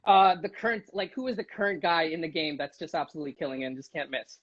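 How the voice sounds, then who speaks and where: A man's voice: fairly high pitch, animated, quick pace, a bit bright. A man hosting an interview, chatting casually and enthusiastically, with lots of fillers and frequent laughter. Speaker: interviewer, host. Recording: dull, lo-fi sound.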